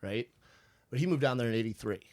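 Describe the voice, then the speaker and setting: A man's voice: mid-range voice, lively intonation, fast talker, darkish tone. A middle-aged man from Chicago telling a long, rambling story on a podcast in a basement. He swears freely and acts out what people said.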